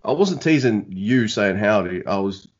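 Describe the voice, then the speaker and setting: A man's voice: fairly low pitch, animated, moderate pace, highs cut off. A man hosting a podcast in casual, rambling, self-deprecating chat. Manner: rambling, self-deprecating, many fillers and restarts. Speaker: podcast host.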